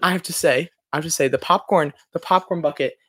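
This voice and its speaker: A man talks through a film review at a quick clip, his voice sitting a bit high for a man. He rambles eagerly and often restarts his sentences. The sound is dry and close, with no room echo. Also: a bit bright, husky. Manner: rambling, enthusiastic, frequent restarts and self-corrections. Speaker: movie reviewer. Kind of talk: casual spoken film review.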